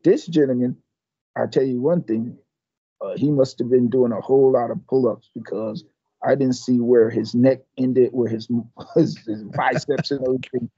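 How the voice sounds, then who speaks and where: An older man, a martial arts master, telling a story in an interview, animated and stumbling over repeated words. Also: medium pitch, normal speed, slightly rough, no echo, lo-fi sound.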